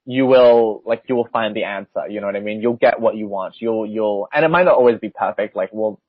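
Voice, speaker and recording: A man's voice: on the low side, fairly quick, no room sound. A young Australian man in his twenties, a spiritual guide giving a casual reading, laughing between phrases. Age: 20s. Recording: muffled lo-fi call audio.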